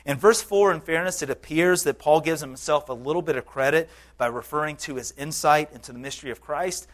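A man's voice: on the high side, brisk. A man preaching a sermon as pastor to his congregation, earnest and conversational, with occasional fillers.

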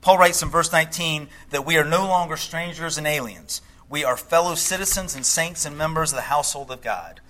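A middle-aged male pastor delivering a sermon, telling a story, then speaking by turns softly and with emphasis. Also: a little high, brisk, hardly any pauses, low-quality recording. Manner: storytelling, shifts between hushed and emphatic.

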